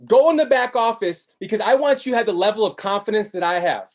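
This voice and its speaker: A man giving an energetic motivational sales pitch on a live webinar, chanting repeated slogans with big swings in pitch. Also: fairly quick. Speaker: network marketing presenter.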